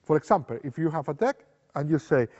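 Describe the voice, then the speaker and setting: A man's voice: a little high, lively intonation, a little fast, darkish tone. A man teaching card magic in non-native English, acting out sample lines for a spectator. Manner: non-native English, simple repetitive phrasing. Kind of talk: explaining card magic technique. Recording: long reverb, dull lo-fi sound.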